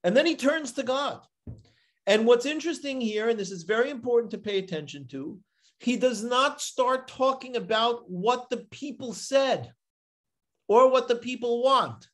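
A man's voice: extremely high pitch, normal speed. A man, a rabbi, giving a live Torah lesson. He reads Hebrew verses, explains them and often checks in with "right?". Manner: animated, checks in with frequent "right?". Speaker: rabbi teaching a Torah class.

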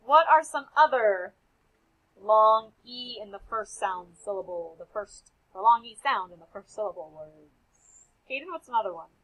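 A young woman teacher with a slightly husky, breathy voice that rises and falls a lot as she talks. She speaks slowly, calls on children by name and repeats their answers back to them. Her pitch sits a little high. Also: expressive, a bit bright, poor audio. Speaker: elementary school teacher. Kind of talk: classroom phonics lesson.

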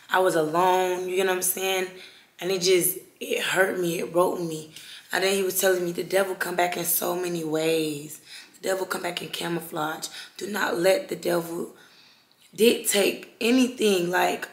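A young woman talks straight to her viewers in a slightly low voice, halting and repeating herself with fervent feeling. Her voice rings a little in an echoey room. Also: fairly even intonation. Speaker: vlogger. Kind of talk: emotional personal vlog talk.

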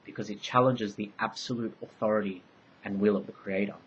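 A man voicing an ancient all-knowing divine queen, part bee, speaking in solemn, measured pronouncements. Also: on the low side, steady tone, lo-fi sound, a little hiss or hum, close to an everyday voice.

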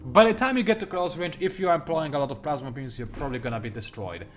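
A young man hosting a strategy game tutorial, talking quickly through detailed explanations with dry, sarcastic asides. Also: a little high. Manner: talks fast, self-admittedly. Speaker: gameplay tutorial host. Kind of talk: explanatory let's-play commentary.

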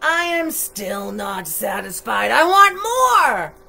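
Lady doing a big hangry storybook monster, bellows and drags his words out, high and loud. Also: sing-song, vocal fry, husky, soft background music, full character voice. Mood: grumpy. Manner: loud, drawn-out, bellowing demands. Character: hungry, angry male monster, loud and ravenous.

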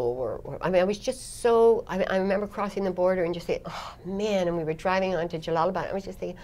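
This middle-aged woman's voice is lowish and a little mellow. A foreign correspondent, she looks back on her career in a chatty interview, frequently laughing and starting her sentences over.

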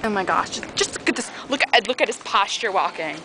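A woman's voice: medium pitch, animated, brisk, over music. A woman filming a home video, chatting and teasing with giggly exclamations, recorded on a handheld camera inside a large store. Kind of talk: casual chat. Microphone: handheld camcorder. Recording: noisy store background.

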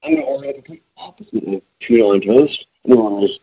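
A man retelling a story and quoting a glum, hapless middle-aged sitcom man in a plain, deadpan voice. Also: medium pitch, quick pace, creaky, breathy edge, narrow, tinny audio, exaggerated voice. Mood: sulky.

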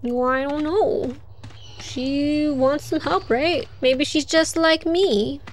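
A young woman streams a horror game, chatting casually, giggling often and talking back to the game as she comments on the gameplay. Her voice is high-pitched and slow, with a little hiss or hum in the recording.

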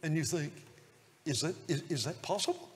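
A man preaching a sermon, telling a story in hushed tones that builds to loud, impassioned preaching. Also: a little high, expressive, normal speed. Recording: long hall reverb.

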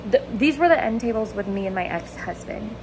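A mom vlogs casually about her day at home, in the car and at a store, her medium-pitched, expressive voice brisk and breathless as she rambles through stories full of "like" and "freaking." The background is noisy.

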